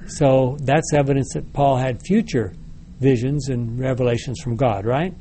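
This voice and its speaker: A man's voice: mid-range voice, steady tone, moderate pace, dark tone, slight background noise. A man teaching a Bible study class, reading scripture aloud and then explaining it with questions to the group. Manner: reads passages, then asks the group checking questions.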